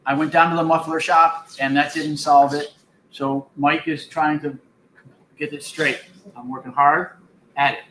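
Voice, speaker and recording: A man's voice: on the high side, level tone, unhurried, pauses often, sharp tone. A man on a live-stream crew making wry, joking remarks in casual banter. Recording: echoey room with background noise.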